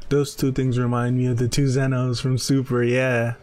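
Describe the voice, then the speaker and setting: A man casually reacting while reading a comic aloud, excitable and repeating himself. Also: medium pitch, moderate pace, faint music behind. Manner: excitable, repeats phrases over and over. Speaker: webtoon reader reacting.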